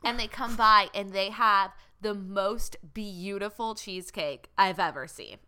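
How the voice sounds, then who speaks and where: A young woman with a bright, sharp voice chatting casually with a friend. She tells her stories playfully and giggles as she goes. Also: mid-range voice, measured pace, clear, resonant tone. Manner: giggly, playful anecdote-telling. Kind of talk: casual chat.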